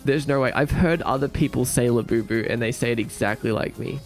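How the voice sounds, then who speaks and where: A man with a gravelly voice chats casually with his live-stream audience, reading their messages aloud and joking back at them. His voice sits at a middle pitch, and faint music plays in the background. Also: fairly quick. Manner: joking, reads and answers chat.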